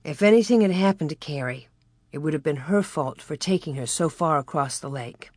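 A woman reading a children's story aloud in a slow, gentle narration. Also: sits low, animated, dry recording, clean studio sound. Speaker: reader.

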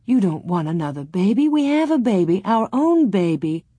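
A woman voicing a prim pioneer mother who scolds gently. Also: medium pitch, big pitch swings, moderate pace, slightly rough, dry recording. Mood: reproving. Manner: prim, reproving.

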